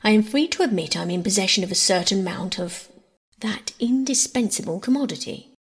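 Woman reading as a dry, scheming gentleman. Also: mid-range voice, lively intonation. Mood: dry, measured. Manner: dry, measured. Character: calm scheming gentleman, cool and precise. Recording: husky voice in long reverb.

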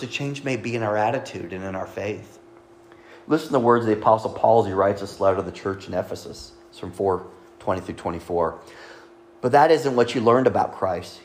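A middle-aged man, a pastor, preaching a sermon in a conversational way, reading scripture and joking with the congregation. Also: on the low side.

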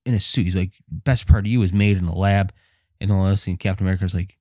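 A man casually retelling a movie night, swearing freely and laughing often, jumping into high excited voices when reenacting his reactions. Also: fast talker, no echo, clean studio sound. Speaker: movie fan recounting a film. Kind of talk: casual personal storytelling.

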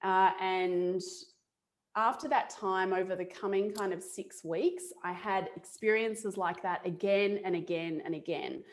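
A woman's voice: mid-range voice, measured pace. A middle-aged Australian woman, a guest on an interview show, telling a personal story in a casual way. She laughs often and acts out what she was thinking at the time. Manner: animated, laughs often, acts out her own past thoughts.

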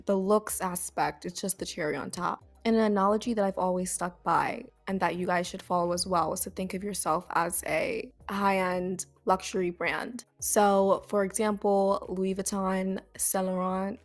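A young woman talks through life advice on her own podcast, chatty and loose, leaning on "like" between thoughts. Her voice sits at an ordinary middle pitch for a woman. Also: fairly even intonation, normal speed, hardly any pauses, soft background music. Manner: chatty, frequent "like" fillers, breaks into laughs. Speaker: podcast host.

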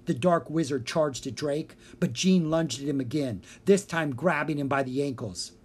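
A narrator reading a children's fantasy book aloud with steady storytelling. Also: medium pitch, moderate pace, breathy edge. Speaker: audiobook narrator.

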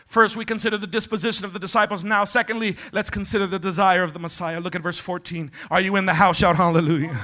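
A male pastor in a church delivering call-and-response preaching with a high, piercing, bright voice. He swings between shouted calls to the congregation and hushed, low passages. He drops Spanish words into his talk. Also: fairly even intonation, quick pace, hardly any pauses. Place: church sanctuary.

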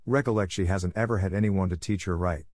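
A gentle older farmer stammers out his uneasy objections, read by a man in a low voice. The recording is dry and close. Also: steady tone, fast talker, dry recording, lightly acted. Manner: hesitant and uneasy.

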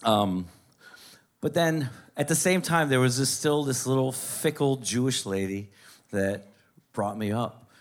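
A man doing stand-up, telling a long family story in casual, profane talk, jumping into high voices to quote his mother. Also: measured pace. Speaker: stand-up comedian.

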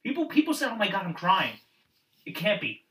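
A sarcastic man riffs on wrestling in casual chat. His voice is bright and a touch high, with a sharp edge. He sounds set back from the mic, in a roomy, echoing space. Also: wildly swooping pitch, fairly quick, far from the mic. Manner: sarcastic, mocks people with put-on quotes.

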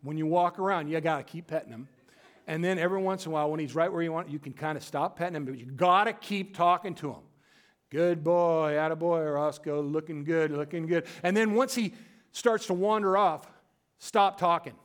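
A brisk male pastor delivers a story-driven sermon, acting out quoted speakers and going quiet and low when he wants a point to land.

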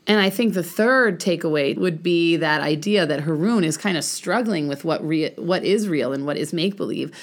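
A woman with a low voice explains a novel's themes to her class. She is thoughtful and careful, and she softens her points with lots of "kind of.". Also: moderate pace, hardly any pauses. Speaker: teacher. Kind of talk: book discussion.

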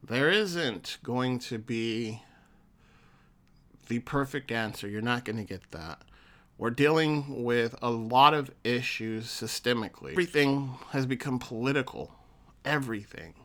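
Counselor guy doing his podcast solo, slow and earnest, bright forceful voice, keeps restarting lines. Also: mid-range voice, lively intonation. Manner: earnest, encouraging, with frequent restarts.

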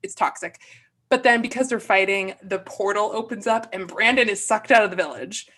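A young woman recapping a movie in casual chat, animated and playful, breaking into silly voices for the characters. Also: mid-range voice, brisk, breathy edge. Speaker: podcast co-host.

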